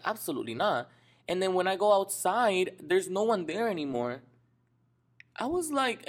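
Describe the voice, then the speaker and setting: Young man, podcast co-host, animated, slangy storytelling. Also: high voice, normal speed. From Dominican Republic. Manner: animated, slangy, says "bro" often. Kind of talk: casual storytelling chat.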